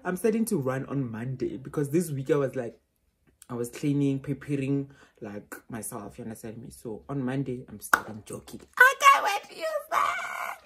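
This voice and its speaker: A woman's voice: rumbling low, normal speed, mellow, slight background noise. A young woman from South Africa chatting casually to her viewers while unboxing something, calling them guys and darlings, recorded on a phone at home. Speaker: vlogger. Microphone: phone camera.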